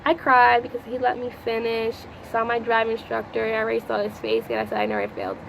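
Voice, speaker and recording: A woman with a gravelly voice tells a personal story in a loose, rambling vlog. She repeats herself and breaks off to speak to the Lord. Clear background noise runs under the recording. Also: on the high side, expressive, fast, a bit bright, rough recording. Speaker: vlogger.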